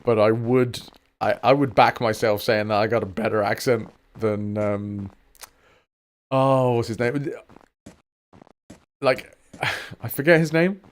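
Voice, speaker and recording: A man's voice: medium pitch, slow pace, pauses often. Chatty man with a southern English accent. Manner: chatty, jokey, swears now and then. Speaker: streamer. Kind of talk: casual game commentary. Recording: game music behind.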